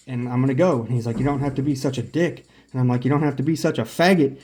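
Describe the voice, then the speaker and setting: A man's voice: mid-range voice, racing, few pauses, darkish tone. A young man casually telling a story, swearing freely, acting out the dialogue and pointing out where things happened. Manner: profane, acts out quoted dialogue; points out spots while telling. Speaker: vlogger.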